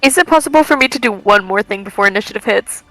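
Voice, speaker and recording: Woman playing a tabletop rpg, bright voice, dry close mic. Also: mid-range voice, animated, fast, no room sound, soft background music, low-quality recording. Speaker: player. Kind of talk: tabletop role-play.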